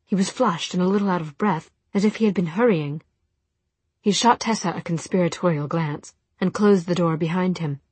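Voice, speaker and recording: A woman narrating an audiobook in soft, measured storytelling with a breathy voice. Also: on the low side, no room sound. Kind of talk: scripted narration.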